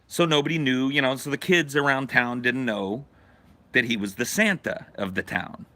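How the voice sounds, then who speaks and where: A podcast host telling a profane, animated story from his childhood in casual talk. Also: medium pitch, moderate pace, dry recording.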